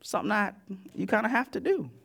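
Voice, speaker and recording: A man with a very high voice preaches to his church on a PA mic. He keeps it conversational, acts out the voices he quotes, and swings his delivery between loud and soft. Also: big pitch swings, quick pace, vocal fry. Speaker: pastor. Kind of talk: sermon. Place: church sanctuary.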